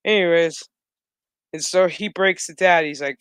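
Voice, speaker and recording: A man with a somewhat high, forceful voice rants through a casual, profane recap of an episode. He slips into the characters' lines with exasperated energy, and the sound is dry and close. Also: moderate pace, long pauses, clean tone, no echo. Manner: animated, swearing, acts out dialogue; exasperated rant. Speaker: show recap host.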